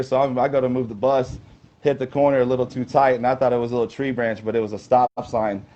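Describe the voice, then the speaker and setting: A man's voice: mid-range voice, steady tone, fast, darkish tone. Rambling man telling road stories. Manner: rambling anecdotes, leans on "you know". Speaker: interview guest. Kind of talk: casual storytelling. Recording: slightly dull lo-fi sound.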